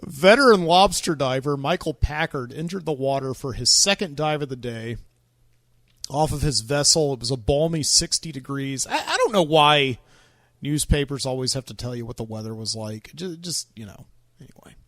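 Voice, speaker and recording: A man's voice: mid-range voice, animated, moderate pace, a bit bright, no echo, clean studio sound. A man hosting his own podcast in a casual solo monologue, rambling and wry, with many ums and uhs. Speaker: podcast host.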